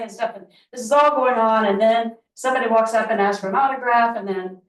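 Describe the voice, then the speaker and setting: A woman's voice: a little high, fast, hardly any pauses. A middle-aged woman, a real estate agent, telling a rambling story at a team meeting with lots of restarts. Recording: roomy, distant mic.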